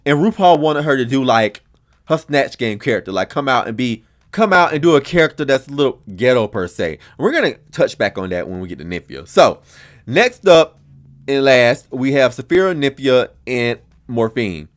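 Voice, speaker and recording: Animated, blunt male podcast host. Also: mid-range voice, moderate pace. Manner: chatty, blunt and expressive, with frequent swearing. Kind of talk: casual reaction commentary.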